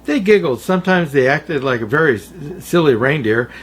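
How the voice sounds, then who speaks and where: Husky-voiced man reading a children's story. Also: a little high, expressive, fairly quick. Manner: warm, chuckles at his own slips. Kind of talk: read-aloud children's story.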